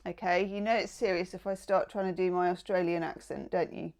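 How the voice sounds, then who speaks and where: A woman's voice: on the low side, fairly even intonation, brisk, a little mellow. A woman talks through a tarot spread in a loose, chatty way. She wanders off into playful asides and jokes before coming back to the cards. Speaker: tarot reader. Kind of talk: casual tarot reading.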